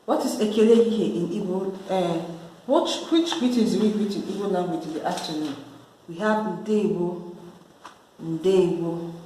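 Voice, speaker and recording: A woman's voice: medium pitch, darkish tone, slight background noise. A woman from Nigeria, explaining a language lesson patiently in a casual way and repeating the key words. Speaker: language teacher. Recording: very echoey room.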